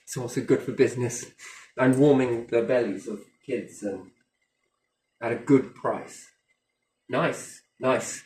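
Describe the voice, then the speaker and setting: A man's voice: mid-range voice, takes it slowly, pauses often, a little mellow. A man in casual chat, rambling and swearing, joking and acting out little dialogues. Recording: roomy echo.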